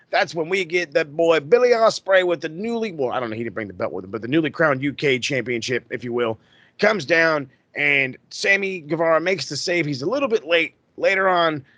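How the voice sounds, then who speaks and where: Excitable, foul-mouthed male podcast host. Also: fairly high pitch, no room sound. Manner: profane, excitable, rambling. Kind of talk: casual recap chat.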